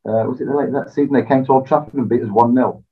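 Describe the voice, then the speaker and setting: A relaxed man tells stories in an interview, self-deprecating and quick to laugh. His voice sits in a middle pitch, and the recording sounds a little dull and lo-fi. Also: breathy edge. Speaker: interview guest, former footballer. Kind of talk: casual interview storytelling.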